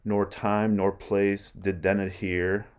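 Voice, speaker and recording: A man reading aloud as a ruthless, scornful noblewoman who goads her husband, in a slow, deliberate way. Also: lowish voice, flat delivery, clear, resonant tone.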